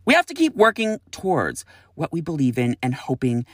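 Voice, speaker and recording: A woman's voice: sits low, huge pitch swings, moderate pace, breathy edge, dry recording, studio quality. A woman hosting a podcast, reading listener messages in a blunt, casual way, swearing freely and sighing in exasperation. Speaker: podcast host.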